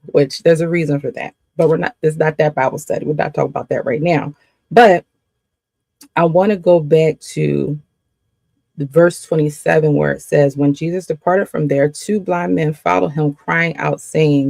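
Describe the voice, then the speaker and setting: Animated woman teaching faith, gravelly voice. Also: deep voice, a little slow, no echo. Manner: animated, repeats lines for emphasis, laughs often. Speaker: faith coach.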